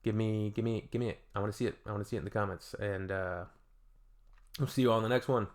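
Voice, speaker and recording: A man's voice: fairly low pitch, fairly even intonation, fast. A Canadian man hosting a reaction video, reading comments aloud and adding dry, joking asides in a casual tone.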